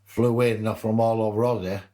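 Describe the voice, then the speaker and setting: An older Englishman with a Wigan, Lancashire accent, a former rugby league player, tells anecdotes as a guest on a podcast. His voice is fairly low, level and mellow, at a moderate pace. He laughs through his stories in this casual interview.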